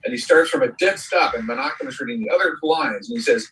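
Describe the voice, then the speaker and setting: A middle-aged man co-hosts a chat show, spinning rambling anecdotes and mimicking the voices of the people he quotes. His voice is a little high and fairly bright, very animated and fast. He sounds a bit far from the mic.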